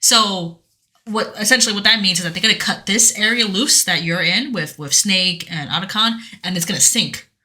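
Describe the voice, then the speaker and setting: A woman with a bright, crisp voice talks through a game's plot as a podcast co-host. She rambles earnestly, stopping and restarting her sentences often. It is relaxed, casual chat. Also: medium pitch, normal speed. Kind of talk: casual chat recapping a video game story.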